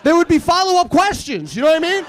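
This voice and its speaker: A man's voice: very high voice, sing-song, fast talker, a little hiss or hum. A man in his thirties doing a rambling stand-up comedy set, self-deprecating and acting out the people he quotes. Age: 30s. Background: audience laughter.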